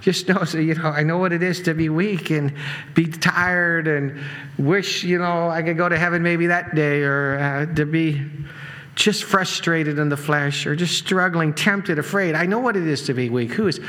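A man preaching a sermon in a conversational way, with asides and quick laughs. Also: fairly high pitch, steady tone, a bit bright. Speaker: pastor. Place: church sanctuary.

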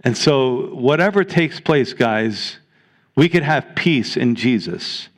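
A man's voice: medium pitch, expressive, slow pace. A man preaching a sermon as pastor, earnest and exhorting, reading scripture aloud to his congregation.

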